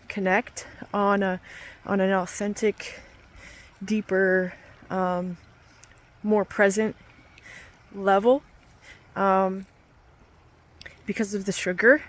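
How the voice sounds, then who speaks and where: Earnest woman rambling slowly into her phone. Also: mid-range voice. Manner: rambling, earnest, many fillers and restarts. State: shivering in the cold. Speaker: fitness instructor and aerialist. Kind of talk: casual testimonial vlog. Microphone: handheld phone.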